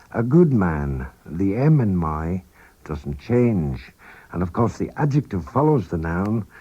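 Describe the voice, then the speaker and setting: A man teaching a language lesson on the radio, explaining slowly and patiently and repeating example phrases, in a dull 1980s radio recording. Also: low-pitched, dark tone. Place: radio studio.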